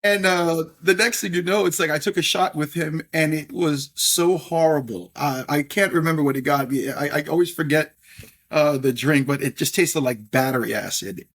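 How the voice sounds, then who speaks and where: A man's voice: fairly high pitch, normal speed, fairly bright tone. A middle-aged man, a podcast guest, telling stories in a chatty, anecdotal way and often adding "if you will". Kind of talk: casual storytelling interview.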